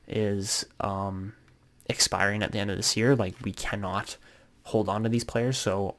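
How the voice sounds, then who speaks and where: A man's voice: fairly low pitch, gravelly. A young man giving casual gameplay commentary, thinking aloud with lots of ums and uhs as he plans his moves. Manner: relaxed, thinking aloud with many fillers. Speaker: gaming YouTuber.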